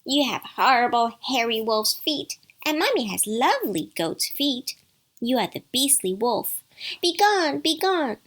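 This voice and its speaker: A woman voicing a group of small young goat kids in a storybook, high, loud and excited. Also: unhurried.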